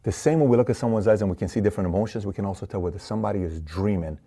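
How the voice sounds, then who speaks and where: A middle-aged man giving a motivational talk, energetic and repetitive, acting out the voices of people in his stories. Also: fairly low pitch, racing, breathy edge. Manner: energetic, acts out quoted voices, repeats himself. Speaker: motivational speaker. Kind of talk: fast motivational monologue to camera.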